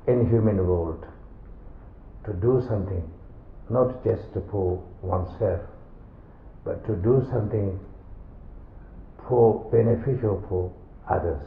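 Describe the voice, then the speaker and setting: Slow halting man giving a dharma talk. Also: on the low side. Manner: slow, halting, simple phrasing. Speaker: Buddhist teacher. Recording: echoey, phone-like sound.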